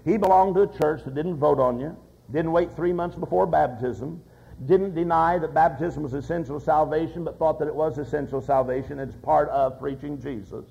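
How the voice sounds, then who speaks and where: A man's voice: on the high side, normal speed, vocal fry, warm tone. An older man preaching a sermon, telling folksy stories and acting out their voices. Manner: folksy storytelling with voiced anecdotes. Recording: dull lo-fi recording.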